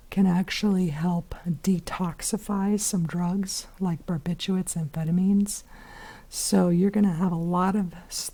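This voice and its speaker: A hoarse woman teaching biology in a chatty recorded lesson, with many fillers and whispery asides. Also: fairly low pitch, mellow.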